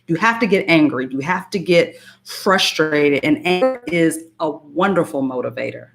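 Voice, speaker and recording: A woman with a low, deep voice talks straight to her live-stream viewers as a spiritual coach. She is emphatic and repeats phrases for weight. Now and then she breaks off to greet a viewer by name. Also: expressive, moderate pace, vocal fry, hardly any pauses, soft background music.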